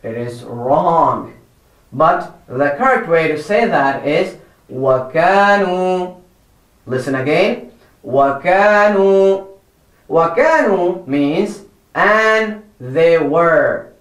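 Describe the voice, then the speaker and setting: A man with a fairly high voice teaches children Quran recitation at a slow, careful pace. He patiently repeats each word and points out the wrong ways to say it. The sound carries a noticeable room echo. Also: expressive, a bit bright.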